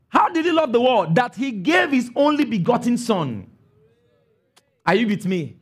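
A male preacher with a high, animated voice delivers an emphatic sermon. He keeps checking that the listeners are with him and pushes up into shouts on the lines he stresses. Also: moderate pace, husky. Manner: emphatic, calls for congregation responses; rises to shouts on key phrases.

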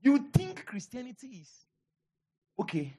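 Animated Nigerian pastor preaching. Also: male voice, very high voice, a little slow. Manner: animated, repeats lines for emphasis, calls to congregation. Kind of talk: sermon.

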